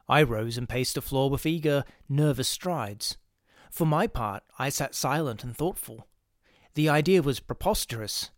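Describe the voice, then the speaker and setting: A man narrating a ghost story in a measured, steady reading. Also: medium pitch, dry recording, studio quality.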